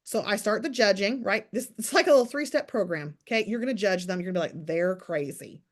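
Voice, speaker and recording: On a morning business call over video, a woman team leader gives casual motivational talk, addressing listeners by name in a chatty, direct coaching style. Her mid-range voice is expressive and quick.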